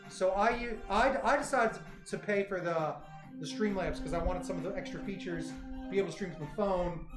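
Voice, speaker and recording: A man hosting a livestream, rambling excitably as he chats with his viewers. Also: sits high. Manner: excitable, rambling, talks to chat. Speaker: livestream host. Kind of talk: casual livestream chat. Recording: roomy echo, faint music.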